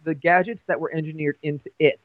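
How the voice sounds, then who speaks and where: A man chatting casually, telling stories in an animated way with halting restarts. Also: a little high, no echo, narrow, tinny audio. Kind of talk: casual chat.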